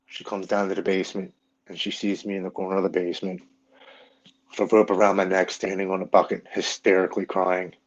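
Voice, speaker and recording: A middle-aged man telling his own story frankly and bluntly, as a guest in an interview. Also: low voice. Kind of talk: personal storytelling in a podcast interview. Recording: dull lo-fi recording.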